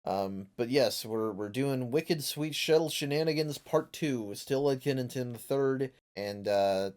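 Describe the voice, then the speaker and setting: A man's voice: mid-range voice, a little slow, a little mellow. A man hosting a casual comic review chat, rambling and joking with fillers and swearing. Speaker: podcast host.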